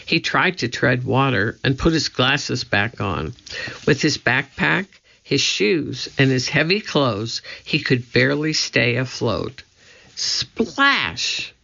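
Slow children's audiobook narrator, measured, bright tone with a gravelly edge; dull lo-fi recording. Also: medium pitch, lively intonation. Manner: measured, deliberate reading. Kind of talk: scripted storybook narration.

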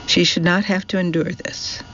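A man voicing Abdul Wahid, a young man who speaks quietly and in a withdrawn way. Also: sits high, flat delivery, moderate pace, lo-fi sound, slight background noise. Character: young man, still and grimly resolved.

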